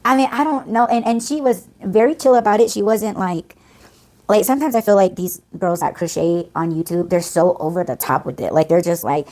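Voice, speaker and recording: A woman host ranting casually on her podcast, blunt and heavy with swearing. Her voice sits a bit low for a woman. She vents openly, with frequent filler words and restarts. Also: lively intonation, a little fast, a little mellow. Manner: blunt, profane, venting.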